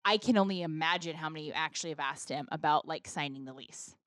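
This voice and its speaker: A woman co-hosting a casual podcast chat, teasing her co-host with brisk interjections. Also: low-pitched, a bit bright, no echo, clean studio sound.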